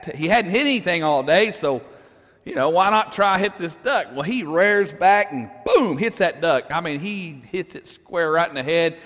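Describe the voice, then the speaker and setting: A man with a high voice preaches to his congregation, and his voice rings out with the long reverb of a church hall. He tells his story casually, asks the room questions and chuckles along the way. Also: a bit bright. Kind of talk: sermon storytelling.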